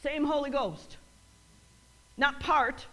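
This sermon comes from a woman pastor whose voice sits high and a bit bright, delivered at a slow pace. She repeats lines for emphasis in call-and-response fashion and acts out quoted voices, laughing along.

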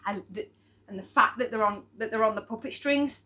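A woman with a high voice gives casual, heartfelt commentary as she reacts to a song. She speaks openly and with feeling, dropping curses as she makes her points. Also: brisk, sharp tone. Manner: emotional, outspoken, swears freely. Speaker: music reaction video host.

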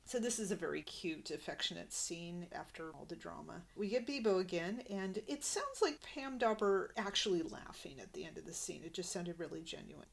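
A woman's voice: on the low side, lively intonation, normal speed, vocal fry, few pauses, music in the background. A woman hosting a podcast, recapping a sitcom episode in a conversational way and reading out quotes. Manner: conversational, narrates scenes and reads quotes. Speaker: podcast host.

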